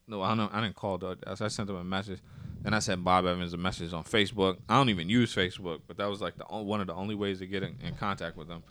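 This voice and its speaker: A man with a lowish voice tells a story in casual, profanity-heavy chat. He gets animated and acts out other people's lines. The recording is dry and close. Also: fast, no room sound.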